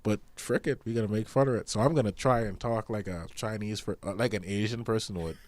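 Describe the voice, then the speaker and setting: A man's voice: lowish voice, quick pace, a little mellow, no echo. A man co-hosting a casual podcast, blunt and cocky, swearing freely. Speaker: podcast co-host. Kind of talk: casual chat.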